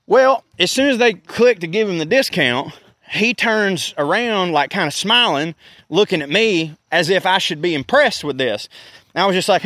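Animated man, high voice, profane. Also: a little fast, dry recording, clean studio sound. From American South. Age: 30s. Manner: profane, animated storytelling with laughs. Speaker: podcast host. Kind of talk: casual storytelling rant.

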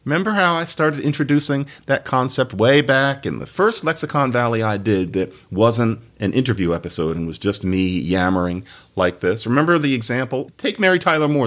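A male podcast host giving a casual solo talk on language. His pitch swings widely as he chats, and he adds laughing asides. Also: brisk. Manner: animated, chatty, laughing asides.

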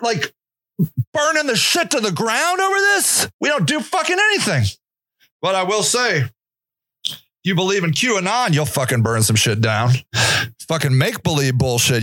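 A man hosting a podcast, delivering an angry, profane monologue rant, often shouting. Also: very high-pitched, no room sound, clean studio sound. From Northeast Ohio. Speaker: podcast host.

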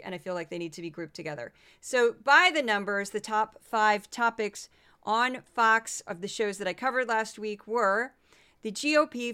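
A woman's voice: medium pitch, fairly bright tone, smooth. A tired woman hosting a solo podcast, chatting through statistics with self-deprecating asides. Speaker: podcast host. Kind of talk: casual solo podcast commentary.

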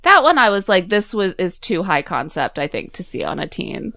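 Woman co-host, casual movie recap, mid-pitched, dry close sound, playful quoting. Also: big pitch swings, moderate pace, sharp tone, no room sound. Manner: recaps the plot with quoted asides, laughing often. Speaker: podcast co-host.

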